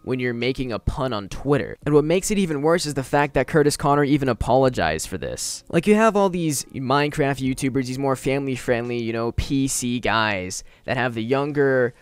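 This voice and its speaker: A man's voice: medium pitch, animated, fairly quick, hardly any pauses, smooth, no echo. A man giving casual commentary as a YouTuber, slangy, exasperated and emphatic.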